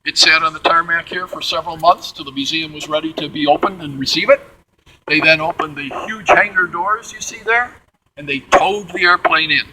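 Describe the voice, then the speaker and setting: A man from the Midwest, guiding a museum tour and telling stories in an animated way. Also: on the high side, a little fast, a little hiss or hum, poor audio. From Midwestern United States. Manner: animated, acts out quotes in character voices. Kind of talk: storytelling tour talk. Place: large museum hangar, indoors.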